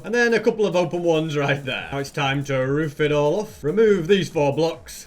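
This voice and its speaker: A young man narrating his own gameplay in a chatty way, asking viewers rhetorical questions as he goes. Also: on the high side. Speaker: Minecraft YouTuber. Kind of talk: gameplay commentary.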